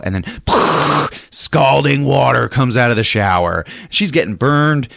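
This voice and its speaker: Animated man recapping a movie. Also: medium pitch, a little slow, vocal fry, no room sound, studio quality. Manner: laughs through retelling, acts out characters' lines. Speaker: podcast host.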